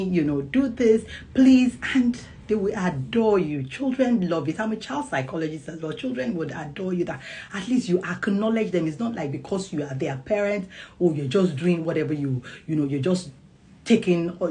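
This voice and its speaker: A woman and child psychologist talking casually to camera about parenting, animated and laughing often as she acts out little scenes. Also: lowish voice, slight background noise. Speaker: parenting vlogger.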